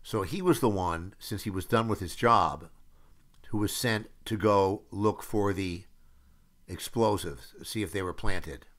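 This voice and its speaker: A man's voice: sits low, a little slow, fairly bright tone. A man in his seventies, a screenwriter, giving an anecdotal film audio commentary with frequent fillers and acted-out quotes.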